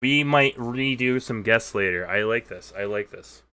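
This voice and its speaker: A man's voice: medium pitch, moderate pace, bright, forceful tone, clear, resonant tone. A man hosting a streaming podcast, chatting casually and teasing his guest with lots of fillers. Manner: joking, rambling, laughs often. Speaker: podcast host. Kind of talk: casual interview chat.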